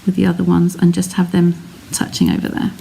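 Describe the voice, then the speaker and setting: A woman's voice: on the low side, monotone, a little fast, gravelly, dark tone, slightly rough. An English woman giving a live card-making demonstration, chatting casually and narrating each step while answering viewers' comments. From England. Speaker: craft demonstrator.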